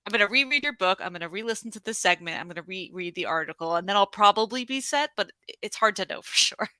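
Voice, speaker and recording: A woman's voice: mid-range voice, animated, fast talker, bright, forceful tone, no echo. A woman hosting a virtual trivia night on a video call, upbeat and chatty with frequent laughs. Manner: upbeat, chatty, laughs often, many fillers.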